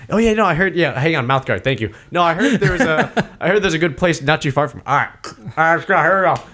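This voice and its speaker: A man voicing a champion fighter who chats lightly about dinner plans between rounds, breezy and unhurried in tone. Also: fairly high pitch, animated, pushed and bright, slight background noise, pitched above the performer's own voice. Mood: nonchalant. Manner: breezy and nonchalant. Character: relaxed champion fighter chatting casually mid-fight.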